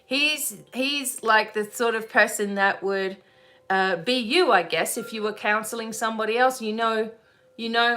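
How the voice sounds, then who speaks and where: A woman's voice: on the high side, moderate pace, fairly bright tone. A woman hosting a spiritual webinar in a casual, chatty teaching style, laughing often and checking in with "right?".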